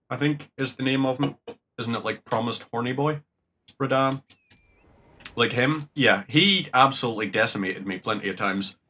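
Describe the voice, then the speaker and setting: A young Northern Irish man talks through his gameplay in a loose, rambling way. His voice is bright and forward, sits a little on the low side, and he swears casually as he goes. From Northern Ireland. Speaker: game streamer.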